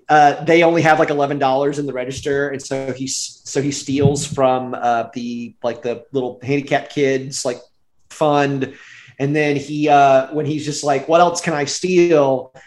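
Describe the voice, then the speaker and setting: A man co-hosting a casual podcast about a movie, rambling with many fillers and frequent laughter. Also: mid-range voice. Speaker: podcast co-host. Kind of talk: casual chat reviewing a movie. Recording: roomy echo.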